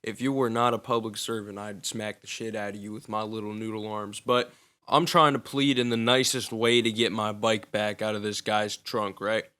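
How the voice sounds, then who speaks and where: A man's voice: fairly low pitch, fairly even intonation, moderate pace, pushed and bright, smooth. A young man casually telling a personal story in loose, profane, slangy talk.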